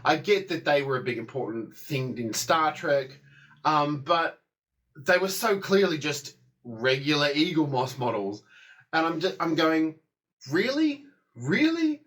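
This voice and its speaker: A man's voice: a little high, a little slow, a bit bright. A man giving a casual spoken review of a TV episode, rambling, with many fillers and restarts.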